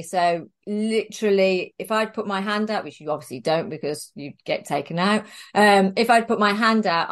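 A woman guest in an interview, telling a story in a chatty, animated way and laughing often. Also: on the low side.

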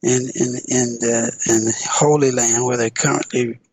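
A man's voice: medium pitch, fairly even intonation, darkish tone, breathy edge, no room sound, low-quality recording. A man giving a religious teaching on the radio, earnest and emphatic, repeating key phrases with hesitant fillers. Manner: measured delivery with hesitant fillers.

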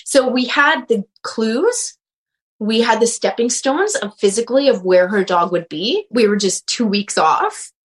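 Speaking unhurriedly and with animation, a woman who works as a medium and animal communicator shares a story in a relaxed interview. She performs the quotes with dramatic pitch jumps, and the audio quality is poor.

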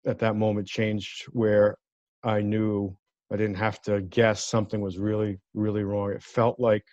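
A man guesting on a talk show, telling a story in a lively way and acting out the voices of the people in it. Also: on the low side, unhurried, no echo. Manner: animated, acts out quoted voices. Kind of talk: casual storytelling. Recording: dull lo-fi dry sound.

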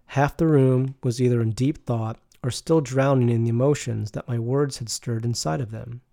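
Gravelly, mellow-voiced male narrator. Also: mid-range voice, steady tone, moderate pace. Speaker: audiobook narrator. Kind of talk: calm first-person novel reading.

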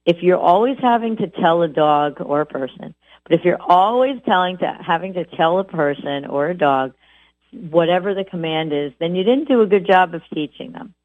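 A woman dog trainer giving an animated instructional talk, acting out owners by repeating words over and over. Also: lowish voice, normal speed, no echo. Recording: tinny phone-like audio.

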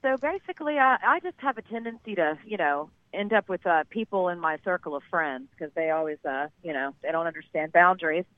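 A woman's voice: fairly low pitch, brisk, few pauses, dry recording. Chatty woman on a tinny phone line. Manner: chatty, animated, acts out quoted voices. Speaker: guest. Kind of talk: casual storytelling.

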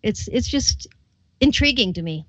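A woman hosting a casual interview show, chatty and quick to laugh, often restarting her sentences. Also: a little high, animated, a bit bright, dry recording, dull audio. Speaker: show host.

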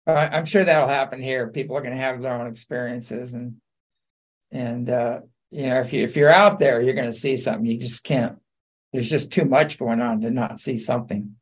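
A man telling lively anecdotes on a talk radio show, laughing and acting out quotes. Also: medium pitch, normal speed. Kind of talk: casual storytelling on talk radio.

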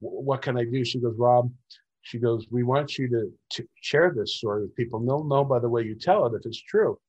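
A man's voice: mid-range voice, fairly quick, a little mellow, breathy edge, muffled recording. A man speaking as an interview guest, telling a long, rambling story about his own experiences. He acts out what other people said as he goes. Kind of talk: recounting personal experiences.

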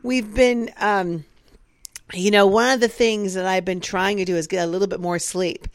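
A woman's voice: medium pitch, steady tone, normal speed, no room sound. A woman co-hosting a casual talk podcast, sharing stories about her week. She tumbles through restarts and slips into the voices of the people she's quoting. Her voice sits in the middle of the range and sounds close and dry. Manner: chatty, with restarts and acted-out anecdotes. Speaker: podcast co-host. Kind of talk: casual chat.

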